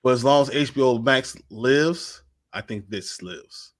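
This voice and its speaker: A man's voice: medium pitch, unhurried. A man co-hosting a casual live chat show, rambling, with frequent laughs and repeated starts. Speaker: co-host.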